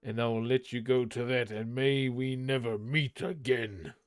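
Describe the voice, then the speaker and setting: Brief: a proud, raging dwarf king, as a man reading aloud puts him on, slow and weighty. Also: medium pitch, steady tone, smooth, no room sound, clean studio sound, close to an everyday voice. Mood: grim.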